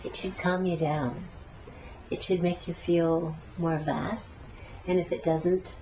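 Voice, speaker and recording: A woman teacher with a low, mellow voice gives an earnest, talkative lesson and leads breathing exercises. She sits some way back from the microphone, and a faint ambience hangs behind her. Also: steady tone, takes it slowly, far from the mic, a little hiss or hum, poor audio. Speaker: meditation teacher. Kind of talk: spoken teaching to a class.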